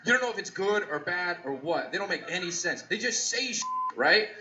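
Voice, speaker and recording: A man's voice: high voice, expressive, a little fast, bright, forceful tone. A man doing a profane stand-up comedy routine on a club stage, slipping into mock voices as he laughs along. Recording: dull lo-fi audio with roomy echo.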